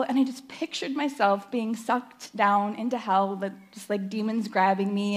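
A middle-aged woman giving a personal testimony at church, nervous and emotional, halting with fillers. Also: fairly high pitch, darkish tone. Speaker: church speaker sharing testimony.

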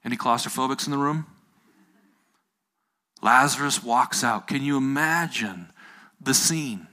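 A man's voice: medium pitch, measured pace, bright, forceful tone. A man preaching a sermon, retelling a Bible story to a live audience, repeating phrases and asking his listeners questions.

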